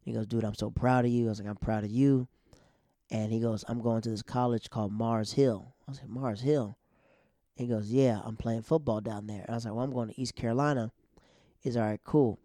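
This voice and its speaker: Mellow-voiced man telling a rambling story. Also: mid-range voice, steady tone, brisk, no echo, clean studio sound. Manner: loose, rambling, full of "like" and "man", drops to a hush for quotes. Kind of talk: casual personal storytelling.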